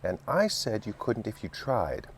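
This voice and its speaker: A man's voice: lowish voice, wildly swooping pitch, measured pace, slight background noise, pitched above the performer's own voice, exaggerated voice. A man voicing the stern, bossy Red Queen, impatient and scolding in manner.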